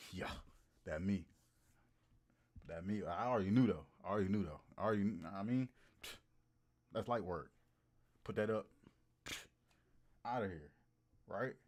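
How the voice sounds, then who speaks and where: A man livestreaming and riffing comically to his chat, animated and hyped, repeating lines for laughs. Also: fairly low pitch, unhurried, pauses often. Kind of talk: casual comedic riffing to a live chat.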